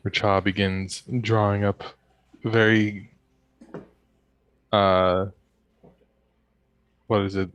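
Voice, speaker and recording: A man with a low, flat voice narrating his character's actions in a tabletop game. He talks very slowly and halts while searching for words, on a dry, close recording. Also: smooth, dry recording. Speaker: player.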